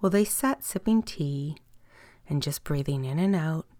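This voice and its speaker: A woman telling a bedtime story in a soft, lilting way, slowing down and dropping to a whisper on some words. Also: sits low, expressive, no echo.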